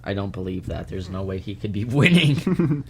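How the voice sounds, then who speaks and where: A man's voice: fairly low pitch, sing-song, brisk, slight background noise. A man co-hosting a casual podcast, answering bluntly with dry, skeptical retorts. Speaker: podcast co-host. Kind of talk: casual chat.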